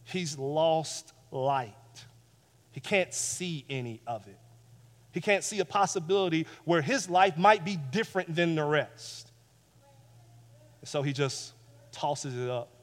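A male pastor preaching a sermon, repeating phrases emphatically and swinging between hushed and loud passages, on a clip-on mic. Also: on the high side, measured pace, long pauses. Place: church sanctuary. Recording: long reverb of a church hall.

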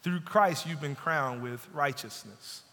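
Man preaching, fairly high voice, forceful tone, long reverb of a church sanctuary. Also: measured pace. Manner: preaching with rising intensity and pleading asides. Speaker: pastor. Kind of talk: sermon.

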